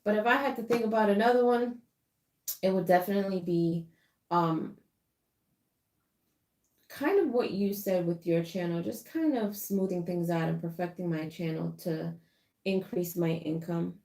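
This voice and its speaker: A woman's voice: fairly low pitch, normal speed, vocal fry, long pauses, a little mellow, reverberant. A young adult woman co-hosting a channel, talking casually to viewers in a thoughtful, hesitant way with many fillers. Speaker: co-host.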